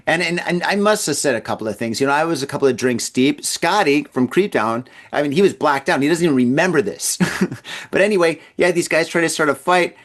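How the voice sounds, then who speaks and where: A man's voice: fairly high pitch, expressive, fairly quick, a bit bright. Rambling, stammering podcast host, a man. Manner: rambling, stammers and repeats words, acts out quoted voices. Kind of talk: casual storytelling monologue.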